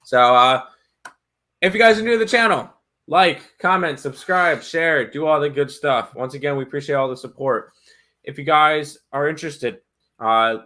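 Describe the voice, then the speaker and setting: Male stream co-host, bright, a bit high, easygoing and filler-heavy. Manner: relaxed, many fillers, reads viewer questions. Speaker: sports betting co-host reading chat. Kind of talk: casual live-stream chat.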